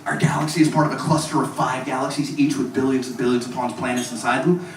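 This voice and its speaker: Profane stand-up comic from Mississippi. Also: male voice, mid-range voice, fast talker, slight background noise. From Mississippi, USA. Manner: crude, profane, deadpan asides to the crowd. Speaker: stand-up comedian. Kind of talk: stand-up routine. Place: comedy club stage. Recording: echoey club recorded from far off.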